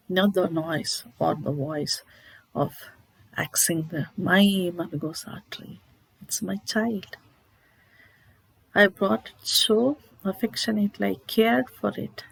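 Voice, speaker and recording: A woman teacher reading out the lines of a grieving old man who pleads for his tree, slowly and earnestly. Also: lowish voice, gravelly, slightly rough, no room sound, heavily acted, rough recording.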